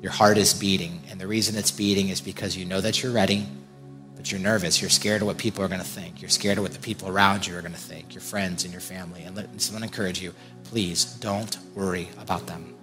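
A man's voice: low-pitched, steady tone, fast talker. A man preaching as a pastor, fervent and emphatic, repeating his points during an altar call in a large church. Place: large church hall with congregation. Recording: reverberant church hall with faint music.

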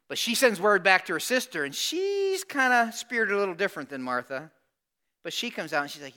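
A man preaching a sermon, telling a story in an animated, conversational way and acting out the people in it. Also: high-pitched, a little fast. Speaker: pastor.

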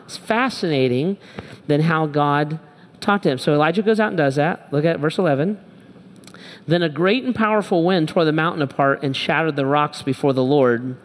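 A middle-aged man preaching in a large church auditorium, the sound carrying a long reverb from the hall. His voice sits on the higher side for a man, and he tells his stories with animation, acting out the people he quotes. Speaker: pastor. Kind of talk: sermon.

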